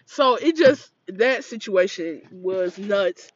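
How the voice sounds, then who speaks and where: A woman co-hosting a podcast, telling a story in casual chat and acting out the yelling in it. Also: mid-range voice, slow pace, dry recording, highs cut off. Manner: animated, acts out quoted yelling. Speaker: podcast co-host.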